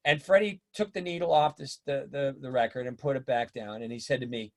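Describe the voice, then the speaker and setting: A middle-aged man telling stories in a casual interview, animated and acting out the voices of people he quotes. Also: medium pitch, brisk, gravelly. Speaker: drummer and teacher, interview guest.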